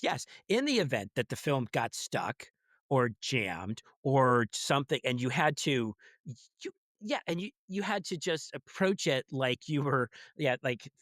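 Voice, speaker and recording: A middle-aged man co-hosts a podcast in casual chat, rambling with restarts, sounding wry, and mock-quoting people. His mid-range voice has a fairly bright tone, captured in a clean studio with no room sound.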